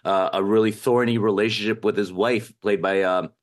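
A man with a lowish voice reviewing a film on a podcast. He talks through his points in a thoughtful, meandering way, full of fillers. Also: steady tone, normal speed. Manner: thoughtful, rambling analysis with fillers. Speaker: film critic guest. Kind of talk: podcast discussion.

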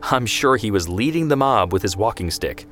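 A man voicing an angry, mocking young man who shouts at his brother. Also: fairly low pitch, expressive, moderate pace, soft background music. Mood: scornful.

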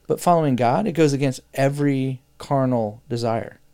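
A man's voice: medium pitch, normal speed, vocal fry, dark tone, smooth. A man co-hosting a podcast, talking casually and breaking into fiery, preachy bursts. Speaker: podcast co-host.

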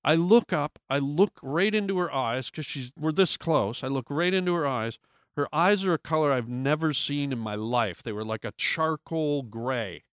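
A man's voice: on the high side, normal speed, fairly bright tone, dry recording, clean studio sound. A man, a guest comedian, telling a story in casual talk, with lots of restarts and acted-out quotes.

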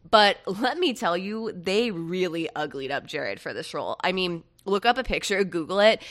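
A young woman hosting a casual pop-culture chat, chatty and quick to laugh. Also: fairly low pitch. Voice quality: bright, chatty, laughs often. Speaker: podcast host.

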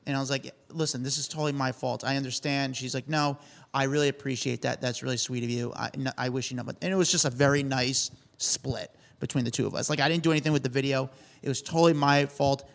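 A man with a mid-range, gravelly voice co-hosts a celebrity podcast. He tells anecdotes with animation and acts out the quoted lines as he goes. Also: mid-range voice, fairly even intonation, quick pace. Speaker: podcast co-host. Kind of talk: casual storytelling chat.

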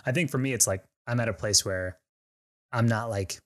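A man with a mid-range voice talks easily in a relaxed conversation. He is chatty and drops slangy phrases as he goes. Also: medium pitch, normal speed. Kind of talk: casual conversation.

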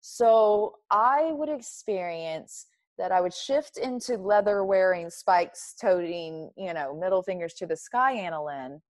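A woman's voice: fairly low pitch, lively intonation, measured pace, dry recording, clean studio sound. A woman speaking candidly as an interview guest, reflective and emphatic, often laughing. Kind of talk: candid personal conversation.

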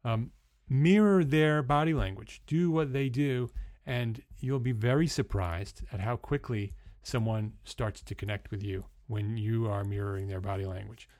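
A man's voice: mid-range voice, normal speed, darkish tone, no echo. New Jersey man giving casual tips. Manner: hesitant, many fillers and restarts. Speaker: host. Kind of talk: unscripted instructional talk. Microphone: studio microphone.

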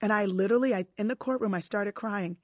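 A woman telling a personal story in casual conversation, animated and emotional, often restarting her sentences. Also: medium pitch, quick pace, dry recording, studio quality.

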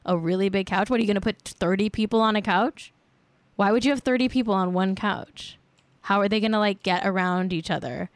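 A woman hosts a casual podcast with a sarcastic, blunt edge, swearing and scattering "like" through her sentences. Her voice sits at an ordinary middle pitch. It is recorded close and dry, with no room sound. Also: fairly quick, dry recording. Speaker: podcast host.

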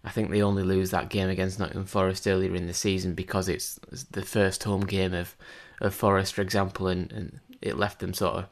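A man's voice: low voice, little pitch movement, a little fast, hardly any pauses. A man chatting about football on a podcast, rambling and full of restarts. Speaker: podcast co-host. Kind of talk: casual football chat.

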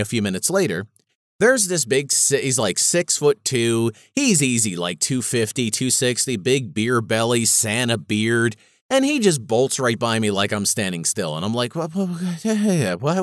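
A man's voice: medium pitch, a bit bright, dry recording, studio quality. A man hosting his own show, telling a story in a casual, self-mocking monologue. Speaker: podcast host.

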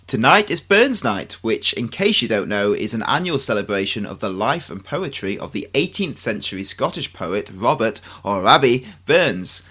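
A man co-hosting a book podcast, with a bright, forceful voice. He reads his lines with nervous little laughs and playful asides. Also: mid-range voice, slightly rough. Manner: nervous laughs, mock Scottish attempts. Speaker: podcast co-host. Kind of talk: scripted podcast banter.

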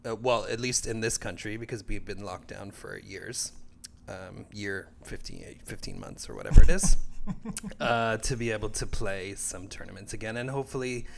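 A man from Canada co-hosting a tennis podcast in casual chat, relaxed and joking, laughing often. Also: fairly low pitch, moderate pace, gravelly, a little hiss or hum. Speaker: podcast co-host.

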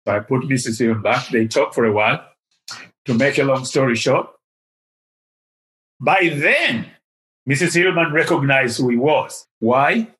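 An older man from Tanzania, telling a personal story as an interview guest, halting with fillers and restarts. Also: mid-range voice, expressive, a bit bright. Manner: hesitant, with many fillers and restarts. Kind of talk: storytelling in conversation.

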